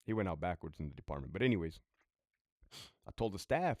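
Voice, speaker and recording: Profane, animated man telling a story. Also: low voice, quick pace, no room sound, clean studio sound. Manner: profane, blunt, conversational. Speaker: former prison sergeant. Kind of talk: casual storytime monologue.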